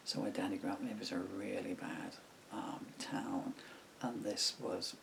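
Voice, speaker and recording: Older man, from England, meandering storyteller, very gravelly, slightly low voice. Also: fairly even intonation, unhurried, fairly bright tone, a little hiss or hum, rough recording. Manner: meandering, full of fillers and asides. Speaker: songwriter talking to camera. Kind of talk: rambling personal reminiscence. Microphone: camera mic.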